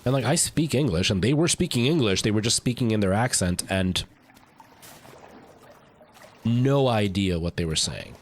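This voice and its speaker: A man's voice: on the low side, expressive, moderate pace, long pauses. A man streaming a game live, chatting casually with viewers in a rambling, talkative way. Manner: rambling, chatty, answering chat.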